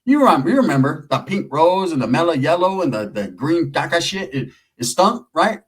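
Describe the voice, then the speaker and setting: Husky-voiced man telling street stories. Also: a little high, moderate pace, low-quality recording. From Merced area, California. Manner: streetwise slang, profane, animated. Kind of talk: casual storytelling.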